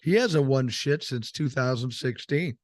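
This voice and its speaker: A man's voice: mid-range voice, a little slow, no room sound, clean studio sound. An older man hosting a podcast, talking in casual, blunt and profane chat while he has a cold. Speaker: podcast host.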